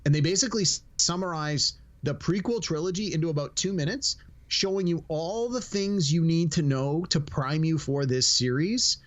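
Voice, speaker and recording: Animated man telling stories on a podcast. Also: on the high side, normal speed, highs cut off. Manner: animated storyteller, acts out quotes. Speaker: podcast co-host. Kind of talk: casual chat.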